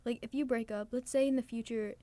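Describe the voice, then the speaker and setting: A teenage girl from New Jersey co-hosting a podcast, laid-back and giggly, with halting filler-heavy speech. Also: a little high, fairly even intonation, mellow, no echo. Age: teens. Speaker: podcast co-host. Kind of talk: casual chat.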